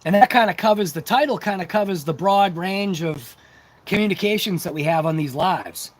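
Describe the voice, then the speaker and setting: High-voiced rambling livestream host. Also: male voice, expressive, normal speed. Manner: rambling, talkative, self-deprecating. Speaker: RC hobby channel host. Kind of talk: casual livestream chat.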